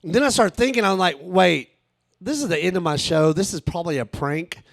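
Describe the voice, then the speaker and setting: A man, telling a profane, animated stand-up story at a live show. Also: high voice, brisk, vocal fry, no room sound. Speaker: stand-up comedian. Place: live show with a small audience.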